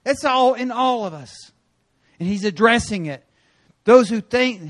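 A man preaching in a church sanctuary, his voice sitting high for a man. He tells stories with energy, jumping from loud, punchy lines to quiet asides. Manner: animated storytelling with sudden loud and quiet turns. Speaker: guest preacher. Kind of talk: sermon.

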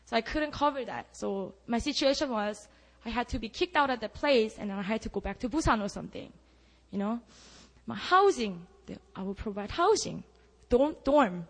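A woman's voice: fairly high pitch, expressive, normal speed. A young woman gives her testimony at a church prayer meeting, telling her story with animation and acting out her own prayers. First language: Korean. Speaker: speaker giving testimony. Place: church hall. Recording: long reverb of a church hall.

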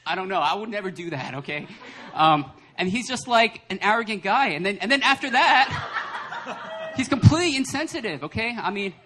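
A young adult man, a pastor, preaching a lively sermon that acts out voices and laughs often. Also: high voice, normal speed, background noise. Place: church service hall.

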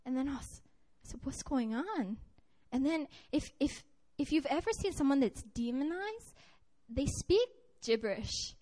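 A woman's voice: sits high, animated, a little slow, mellow. A woman giving a conversational, earnest sermon with a personal story to a group, often restarting her sentences. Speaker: preacher.

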